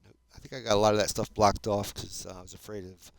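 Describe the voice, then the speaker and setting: A man in his fifties from South Jersey, USA, streams Minecraft and talks casually to viewers in a South Jersey accent, frequently adding "dude" and "man." His voice is lowish and quick, with little pitch movement and some vocal fry, recorded without echo.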